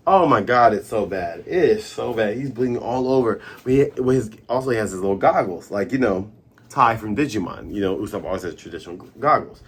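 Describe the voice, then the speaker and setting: Host, man, husky voice, lively comic recap, sound effects on the fly. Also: fairly low pitch, a little fast. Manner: animated, doing sound effects and character voices.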